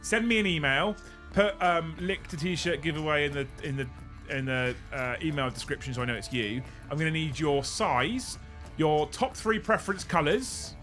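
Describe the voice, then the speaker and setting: A young man with a fairly high-pitched voice runs a live stream. He banters with his chat, swears casually and breaks into laughs, with faint music under him. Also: moderate pace, a bit bright. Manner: joking, swearing, thanking viewers, laughing a lot. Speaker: livestream host.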